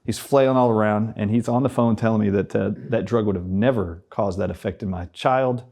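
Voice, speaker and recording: A man, a guest in an interview, telling a personal story in an animated way and acting out the dialogue he remembers. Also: fairly low pitch, a little fast, vocal fry.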